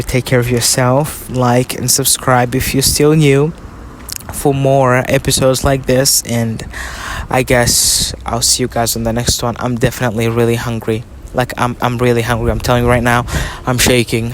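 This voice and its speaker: This is a young man recording a casual self-help podcast outdoors. His pitch stays in the middle and barely moves as he repeats his points with earnest affection. Faint outdoor ambience and passing vehicles sit quietly behind his voice. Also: level tone, moderate pace, a little hiss or hum. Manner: earnest, repetitive, affectionate toward listeners. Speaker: podcast host.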